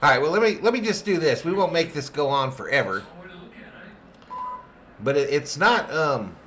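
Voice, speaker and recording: A man's voice: a little high, moderate pace. A man hosting a fan watch party, calling the plays and joking with his chat. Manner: animated, jokey, reads chat names aloud. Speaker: fan host doing play-by-play. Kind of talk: live game call and chat reading.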